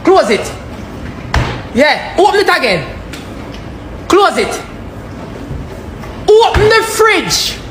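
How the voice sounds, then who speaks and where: Sarcastic high-voiced mother, echoey. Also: fairly bright tone. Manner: sarcastic, repetitive. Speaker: mother scolding her son. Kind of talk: mocking scolding. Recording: echoey room, faint noise.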